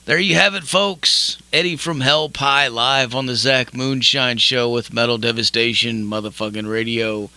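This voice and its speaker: A man's voice: mid-range voice, moderate pace, hardly any pauses, pushed and bright, clear, resonant tone, no room sound. A man hosting a metal radio show, talking in a laid-back, laughing way and swearing freely. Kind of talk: casual radio interview chat.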